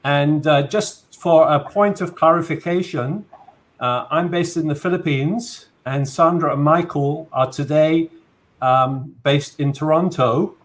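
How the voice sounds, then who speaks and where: A man hosting a video call interview in a friendly, relaxed way, with frequent fillers. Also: a little high, measured pace. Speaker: host.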